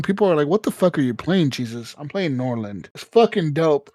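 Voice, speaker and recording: A man co-hosting a casual gaming podcast, telling stories in an animated, profane way with sudden jumps up in pitch. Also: fairly quick, few pauses, dry recording. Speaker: podcast co-host.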